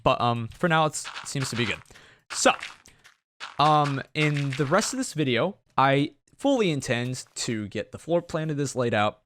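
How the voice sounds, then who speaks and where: A man's voice: medium pitch, expressive, moderate pace, a bit bright. A young man from Tennessee talks through his game in a loose, rambling way and cracks jokes at himself. His Southern accent comes through. His throat is a little sore, and a faint hiss sits under the recording. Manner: rambling, chatty, self-joking. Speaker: gaming channel host. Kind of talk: Let's Play gameplay commentary.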